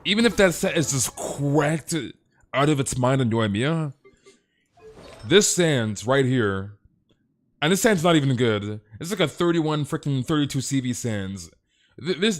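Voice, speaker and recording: A man casually chatting with viewers on a live game stream, emphatic and ranting, stammering through quick restarts and tossing in "dude". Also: medium pitch. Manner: emphatic, ranting, peppered with "dude" and mild swearing. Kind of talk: casual live-stream chat while gaming.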